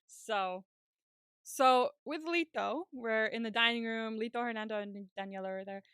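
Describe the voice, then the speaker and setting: Recapping a TV episode on a podcast she co-hosts, a woman laughs often and performs the characters' lines with animated energy in a casual way. Her voice is fairly high and clean, at a moderate pace, in a studio-quality recording without echo.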